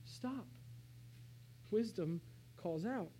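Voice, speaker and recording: A man preaching a sermon, shifting between hushed, slow phrases and raised, emphatic calls. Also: high voice, expressive, slight background noise, rough recording. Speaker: pastor.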